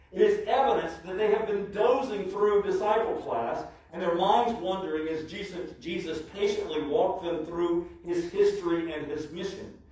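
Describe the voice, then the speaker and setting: A man, a pastor, preaching a sermon with slow, emphatic delivery and dramatic pauses, recorded in a church sanctuary. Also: sits high, darkish tone. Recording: very echoey church, mic from far off.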